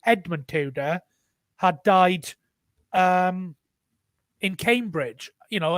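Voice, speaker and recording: A man's voice: high voice, a bit bright, no room sound. A man with a Welsh accent, the guest author in a casual online chat, talking candidly with many restarts.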